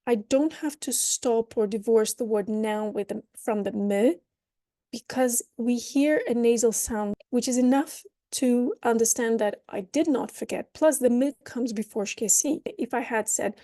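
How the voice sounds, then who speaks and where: A woman teaching a language lesson, unpacking the rules with playful metaphors. Her voice sits fairly high but has a mellow, soft-edged tone. The recording is dry and close, with no room sound. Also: dry recording. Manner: explains with playful metaphors, models phrases slowly then at natural speed. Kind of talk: online lesson.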